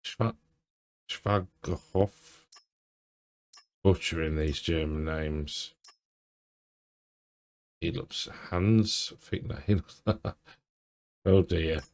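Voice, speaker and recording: A man's voice: low voice, very slow, pauses often. A man giving casual let's-play commentary, thinking aloud and chuckling to himself. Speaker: game streamer.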